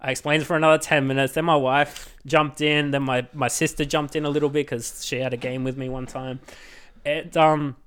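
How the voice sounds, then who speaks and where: A man co-hosting a board game podcast, telling a story in a casual, animated way and laughing often. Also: on the high side, moderate pace, clean tone. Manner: laughs often, animated retelling with acted quotes. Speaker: podcast host.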